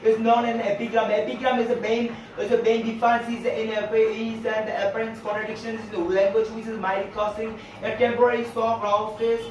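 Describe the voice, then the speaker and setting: A man teaching a class on figures of speech, speaking haltingly with many fillers and repeated phrases. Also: high-pitched, little pitch movement, slight background noise. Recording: echoey room, distant lo-fi mic.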